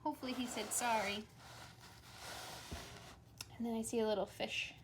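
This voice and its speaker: A woman teacher reading a picture book aloud to young children, gently coaxing them to repeat animal sounds. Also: on the high side, fairly even intonation, moderate pace, very noisy.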